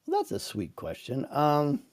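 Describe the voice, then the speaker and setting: Animated male livestream host. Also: on the high side. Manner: animated storyteller, halting and emotional when moved. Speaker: show host answering viewer questions. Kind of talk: casual livestream Q&A.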